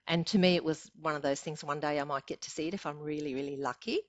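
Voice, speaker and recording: A woman's voice: deep voice, steady tone, fast talker, no echo, muffled recording. An Australian woman in her sixties, a podcast guest telling her stories in a chatty way and laughing often. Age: 60s. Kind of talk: casual storytelling.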